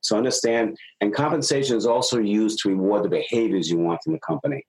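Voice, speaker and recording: A middle-aged man, a sales consultant being interviewed on a podcast, explaining ideas and acting out stories with lively dialogue. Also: fairly low pitch, quick pace, low-quality recording. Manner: animated storyteller, acts out dialogue.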